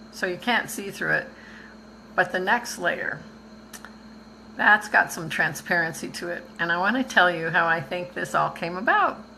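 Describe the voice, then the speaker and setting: A woman's voice: fairly low pitch, pushed and bright, slight background noise, poor audio. An older woman from Canada, a visual artist chatting casually and rambling on a live stream, laughing easily.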